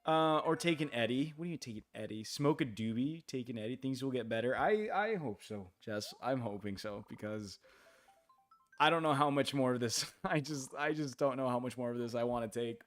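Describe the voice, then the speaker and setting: A man's voice: medium pitch, soft background music. Tired young man rambling on stream. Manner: tired, rambling and halting, many fillers and restarts. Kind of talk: late-night gaming stream chat.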